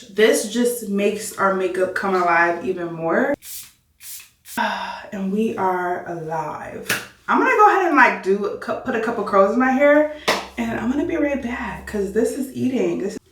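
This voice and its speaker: A bubbly woman of thirty chats through her everyday makeup routine and hypes up her own look to her viewers. Her voice sits in a middle pitch range. She sounds a little off-mic in a roomy space with echo. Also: recorded from a distance, slight background noise. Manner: bubbly, self-hyping, talks to viewers. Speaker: beauty vlogger. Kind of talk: casual makeup tutorial chat.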